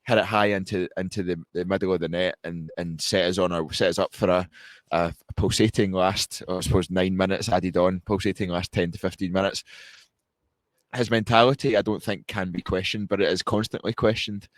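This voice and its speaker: Man, very low voice, steady monotone, dry close sound, post-match football podcast talk. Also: dry recording. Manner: measured, analytical, with frequent restarts. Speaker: podcast co-host.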